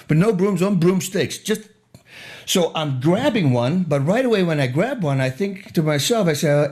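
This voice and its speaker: A middle-aged man telling a wild anecdote as a podcast guest. He talks in a lively way, laughing often and repeating words for emphasis. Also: on the high side, moderate pace. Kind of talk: animated anecdote storytelling. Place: podcast studio. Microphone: studio microphone.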